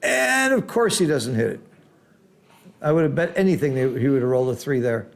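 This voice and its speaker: A middle-aged man commentating a backgammon match live, exclaiming over the rolls and then calmly explaining strategy like a teacher. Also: medium pitch, brisk.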